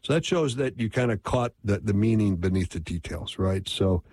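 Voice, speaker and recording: A man's voice: on the low side, expressive, normal speed, darkish tone. A man teaching relationship advice in a casual, conversational way, often checking in with his listeners. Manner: conversational, constant "right?" check-ins.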